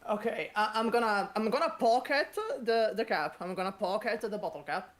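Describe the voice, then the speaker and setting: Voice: mid-range voice, moderate pace, fairly bright tone. Casual, stammering tabletop player. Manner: casual, stammering restarts, swears.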